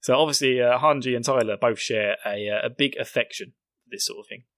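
A man's voice: medium pitch, brisk, a bit bright, no room sound. A young British man hosting a podcast, recapping an episode in a jokey, sarcastic, rambling way. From Britain. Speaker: podcast host.

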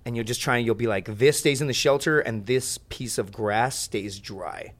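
A young man telling a story as a podcast guest, in rambling, profane casual chat with lots of animated asides. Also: medium pitch, moderate pace.

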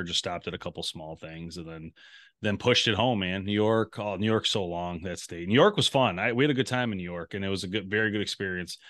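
A man with a fairly low voice tells his travel stories casually, in a rambling way. He co-hosts an outdoors podcast. The sound is dry and close, with no room echo. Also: fairly bright tone. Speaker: podcast co-host. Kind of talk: casual chat.

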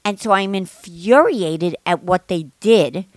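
A middle-aged woman, chatting on a podcast with her daughter in an animated, indignant way. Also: on the low side, slow pace, no echo. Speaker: podcast co-host, mother. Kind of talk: casual chat.

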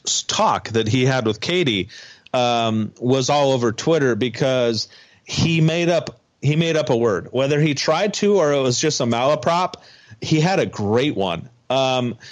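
A man co-hosting a casual podcast chat, retelling a reality show in an animated way and acting out the quotes. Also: mid-range voice. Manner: animated storytelling, acts out quotes. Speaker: podcast co-host.

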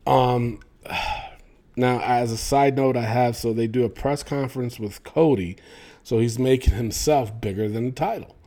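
A man hosting a solo wrestling podcast, opinionated and animated, with lots of fillers and some swearing. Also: medium pitch, a little slow. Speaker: podcast host.

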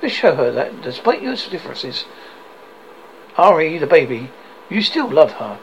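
A man's voice: on the high side, very animated, measured pace, gravelly, lo-fi sound, slight background noise, full character voice. Man reading a matter-of-fact male friend. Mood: advising. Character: practical male friend giving advice.

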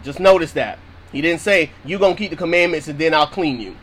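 A man's voice: on the high side, fairly quick, fairly bright tone, slightly rough, poor audio. A man preaching on scripture in a casual, emphatic way, repeating his points to drive them home. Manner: casual, informal phrasing. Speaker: Bible teacher.

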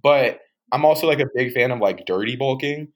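A man's voice: mid-range voice, brisk, low-quality recording. A young man as a podcast guest in casual chat, laid-back, laughing a lot and swearing casually.

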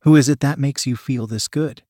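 A man's voice: mid-range voice, normal speed, warm tone, dry recording, clean studio sound, lightly acted. A man voicing a stern, teasing dominant woman. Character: commanding dominant woman lover.

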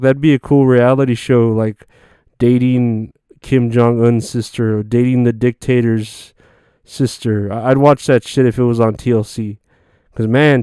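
A man's voice: mid-range voice, dark tone, clean tone, dry recording, clean studio sound. A man hosting a podcast, delivering a crude, sarcastic comedy rant that rambles with lots of fillers. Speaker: podcast host.

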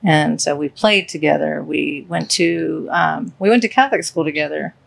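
A woman talks with her spouse on a casual podcast. Her speech is halting and emotional, full of pauses and restarts. Her voice carries a gravelly vocal fry. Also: low voice. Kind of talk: casual heartfelt podcast chat.

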